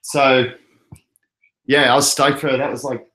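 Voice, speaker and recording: A man's voice: mid-range voice, flat delivery, unhurried, bright, forceful tone. A young Australian man with an Australian accent hosting a casual live stream, chatty and laughing often as he reads out viewer comments. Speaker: crypto livestream host. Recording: echoey room.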